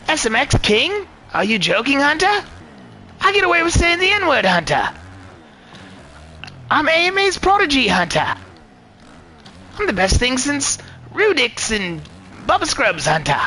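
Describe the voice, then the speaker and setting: Brief: man doing a bragging fake-Australian dirt bike racer, shrill and bright, loud trash talk. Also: huge pitch swings, a little slow, long pauses, slight background noise, heavily acted. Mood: taunting. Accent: put-on Australian. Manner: taunting, shouted boasts. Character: cocky trash-talking young male motocross rival.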